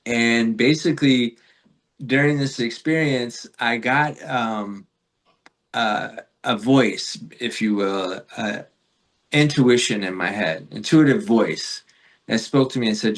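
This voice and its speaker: A man in a podcast interview recounts his experiences in a loose, rambling way, full of fillers and little laughs. His voice sits at an ordinary middle pitch for a man, and his delivery is reflective and unhurried. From Florida. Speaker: podcast guest. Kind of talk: casual storytelling in a spiritual interview.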